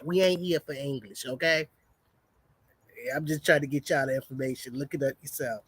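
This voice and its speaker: A woman chatting casually on a homestead livestream, greeting viewers and reading a product label aloud haltingly. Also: rumbling low, steady tone, husky.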